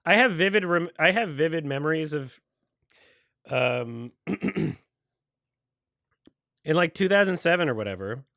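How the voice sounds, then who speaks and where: A man's voice: a little high, expressive, measured pace, vocal fry, long pauses, fairly bright tone, no room sound, studio quality. A man hosting a movie watch-along, rambling in loose casual commentary, often restarting and laughing.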